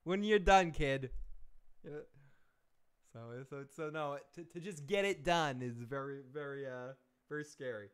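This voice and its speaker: A man's voice: a little high, unhurried, smooth. A man hosting a live stream, rambling in casual chat with profane, chuckling asides. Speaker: show host.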